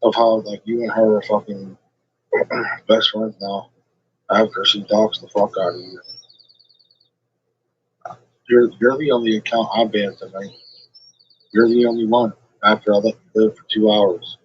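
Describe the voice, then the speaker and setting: A man's voice: on the low side, animated, unhurried, creaky, pauses often, husky, dull audio. A man ranting to his livestream chat in a rambling, combative way, swearing constantly.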